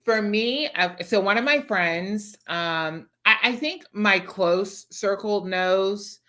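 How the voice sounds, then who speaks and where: A man co-hosting a casual live-stream chat, reading viewer comments aloud in a relaxed way. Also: high-pitched, takes it slowly. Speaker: co-host.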